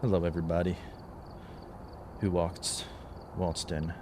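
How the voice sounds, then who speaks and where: A man's voice: low voice, measured pace, a little hiss or hum. A young man streaming a horror game live, chatting with his viewers in a mock-exasperated, joking way. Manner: animated, mock-exasperated banter with chat. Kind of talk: casual live-stream chat.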